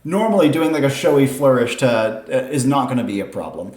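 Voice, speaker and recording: A man running a tabletop game with an animated, rising and falling voice. He sounds enthusiastic and talks in an echoey room. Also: medium pitch, a little fast. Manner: enthusiastic, lively. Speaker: game master. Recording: roomy echo.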